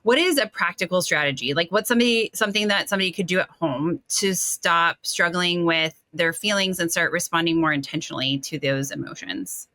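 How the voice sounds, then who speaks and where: A podcast host with a bright, forceful tone asks questions in a relaxed interview. The talk is conversational and leans on frequent "right?" tags. The recording is close and dry, with no room sound. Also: mid-range voice, fairly quick, hardly any pauses, no echo.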